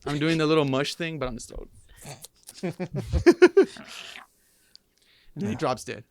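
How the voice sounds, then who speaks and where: Gravelly playful man at the game table. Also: on the high side, animated, unhurried. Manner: playful, laughing, thinking aloud. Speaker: player. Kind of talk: casual chat at a tabletop game.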